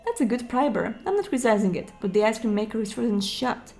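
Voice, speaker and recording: A woman voicing a calm, methodical male police lieutenant in a video game playthrough, explaining things in an even, matter-of-fact way. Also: a little high, quick pace, vocal fry, faint music behind.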